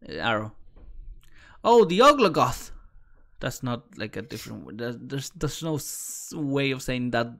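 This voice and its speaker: A man's voice: medium pitch, very animated, a little slow, creaky, a bit bright. Man reading aloud on stream, stumbling. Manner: stumbles over words, restarts, laughs and swears often.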